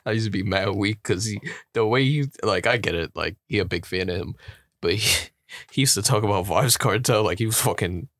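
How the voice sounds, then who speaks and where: A man's voice: on the low side, brisk, fairly bright tone, dry recording, clean studio sound. A man co-hosting a podcast, telling teasing stories and laughing often. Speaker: podcast co-host. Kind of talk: casual chat.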